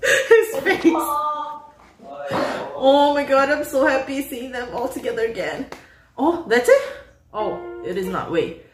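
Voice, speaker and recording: A woman hosting a K-pop reaction video, gushing with excitable, breathless exclamations as she reacts. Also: sits high, measured pace, roomy sound. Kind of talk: casual reaction commentary. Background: faint music from the clip.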